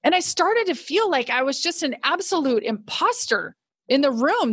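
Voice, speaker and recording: A woman's voice: high-pitched, no echo. Middle-aged woman, podcast guest, earnest personal storyteller; dry, close sound. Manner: earnest, animated quoting of her own past thoughts. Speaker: podcast guest, business owner.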